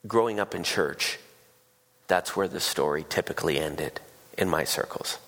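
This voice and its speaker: A man preaching a sermon, retelling a story in a casual, animated way. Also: deep voice, normal speed, big-room sound. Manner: casual storytelling, animated voices for quoted people. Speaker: pastor.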